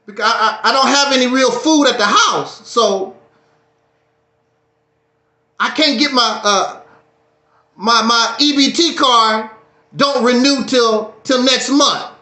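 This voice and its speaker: A man's voice: very high voice, slow pace, pauses often, bright, forceful tone. A man giving a casual livestream monologue, preachy and joking with a dramatic streak. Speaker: YouTube streamer. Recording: echoey room.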